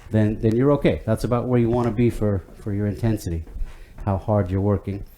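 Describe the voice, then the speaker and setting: This male fitness instructor guides a home workout with easygoing chatter, often restarting and using fillers. He has a lowish, mellow voice, keeps his tone steady, and speaks a little fast.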